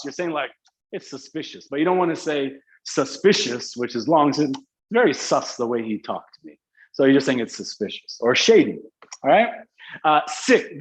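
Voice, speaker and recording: A man's voice: a little high, rough recording. A young man teaching an online English class, explaining slang in a casual, playful way.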